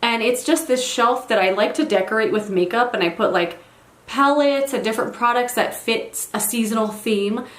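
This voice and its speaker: A woman's voice: on the high side, moderate pace, a bit bright, echoey room. Chatty young woman vlogging at home. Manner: chatty, rambling, self-deprecating asides. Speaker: beauty vlogger. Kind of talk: casual get-ready-with-me chat. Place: bedroom at home.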